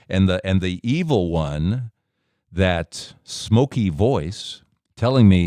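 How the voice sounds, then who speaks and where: Animated storytelling man, lively pitch. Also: measured pace, no echo, studio quality. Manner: animated, acts out dialogue with big pitch jumps. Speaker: podcast host. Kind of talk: storytelling monologue.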